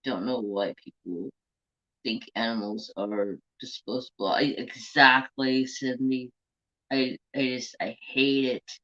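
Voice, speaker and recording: A man's voice: medium pitch, fairly even intonation, takes it slowly, bright, forceful tone. A man hosting a craft livestream, chatting casually and bluntly, swearing freely. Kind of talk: casual live-stream chat. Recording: dull lo-fi stream audio.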